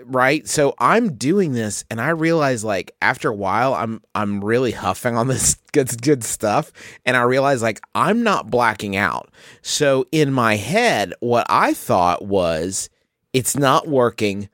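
A man's voice: medium pitch, big pitch swings, a little slow, a bit bright, no room sound, clean studio sound. A man co-hosting a comedy podcast, rambling through a story and laughing mid-sentence. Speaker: podcast co-host.

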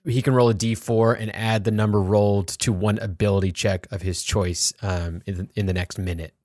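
Brief: low-voiced, jokey male player, dry sound. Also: steady tone, normal speed, a little mellow, dry recording. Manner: joking, self-mocking. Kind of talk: casual tabletop play.

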